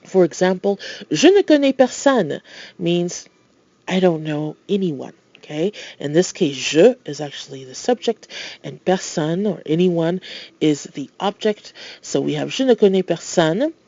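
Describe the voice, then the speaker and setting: A tutor with a gravelly, mellow voice talks through a recorded language lesson. The speaker explains patiently, adds playful asides, and reads out French example phrases. The sound is dry and a little dull, like a lo-fi voice-over. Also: medium pitch, a little slow, no echo.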